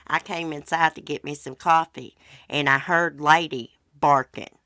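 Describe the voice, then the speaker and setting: A woman's voice: sits low, fairly even intonation, a little slow, sharp tone, no echo, clean studio sound. A middle-aged woman, hosting her channel and telling folksy stories in casual chat. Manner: chatty, folksy storytelling. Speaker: channel host.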